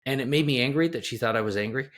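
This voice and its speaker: A man's voice: mid-range voice, racing, a bit bright. A middle-aged man, an executive coach appearing as a guest, telling anecdotes emphatically and restarting his sentences often. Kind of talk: conversational storytelling.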